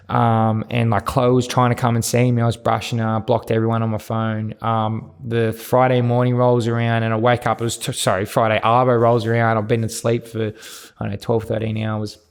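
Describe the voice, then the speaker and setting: Australian male guest, candid storyteller, rambling and frank, gravelly voice. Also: medium pitch, completely flat delivery, moderate pace. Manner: rambling, frank, swears, many restarts. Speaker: podcast guest. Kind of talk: candid personal storytelling interview.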